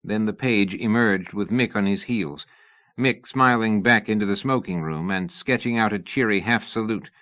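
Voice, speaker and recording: A man narrating a novel in a measured storytelling manner. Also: fairly low pitch, a bit bright, dull audio. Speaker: audiobook narrator. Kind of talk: scripted narration.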